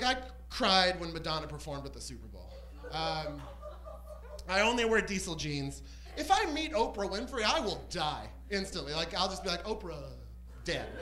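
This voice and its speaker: Camp male stand-up, lively swooping pitch, shrieky bursts on a club stage. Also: rough recording. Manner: camp, animated storytelling with squealing outbursts. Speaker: stand-up comedian. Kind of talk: stand-up comedy set.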